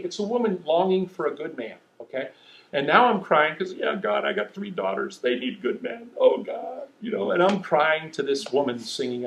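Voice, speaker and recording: A middle-aged man preaching a sermon, telling stories in an animated, self-mocking way. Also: high voice, normal speed, creaky, echoey room, a little hiss or hum, rough recording. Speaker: pastor.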